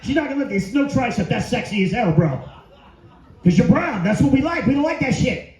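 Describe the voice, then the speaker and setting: Very high-pitched and highly animated, this middle-aged comic rattles through a crude, brash set briskly, working the crowd at a comedy venue. His tone is a little mellow, captured in a roomy, dull live club recording.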